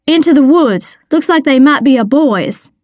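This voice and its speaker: A woman reading aloud, voicing an eager female deputy who calls out reports loudly. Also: high-pitched, lively intonation, moderate pace, no echo, studio quality, pitched above the performer's own voice. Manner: calling out loudly.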